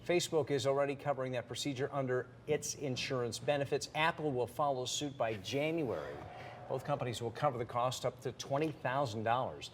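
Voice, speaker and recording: A man anchoring a local TV newscast, reading stories in a measured, scripted way and addressing viewers directly. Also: mid-range voice, slight background noise. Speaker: news anchor. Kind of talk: TV news reading.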